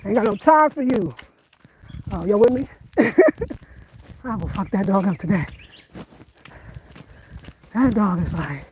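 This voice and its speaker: A woman's voice: mid-range voice, lively intonation, measured pace, long pauses, darkish tone, a little hiss or hum, poor audio. A woman vlogging as she walks outdoors in the countryside, chatting and laughing with her viewers. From United States. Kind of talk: casual vlog while walking.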